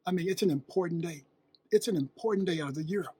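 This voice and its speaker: Husky-voiced preachy man. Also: a little high, quick pace, mellow, dry recording. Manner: preachy, rhetorical questions, emphatic repetition. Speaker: host. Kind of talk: motivational monologue.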